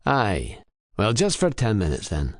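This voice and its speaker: A man voicing a terse, gruff Scottish boat attendant with a hard manner. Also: lowish voice, huge pitch swings, unhurried, dry recording, studio quality, exaggerated voice.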